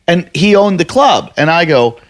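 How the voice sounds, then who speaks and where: A podcast host telling a profane story in casual chat, acting out other people's angry shouting. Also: male voice, on the high side, sing-song, normal speed.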